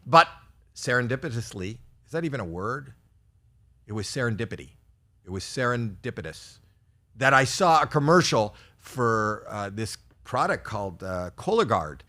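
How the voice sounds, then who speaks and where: A man's voice: mid-range voice, sing-song, moderate pace, bright, forceful tone. Man in his sixties doing stand-up. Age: 60s. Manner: rambling, self-deprecating storytelling with frequent stammered restarts. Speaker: stand-up comedian. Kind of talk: stand-up routine for a virtual audience.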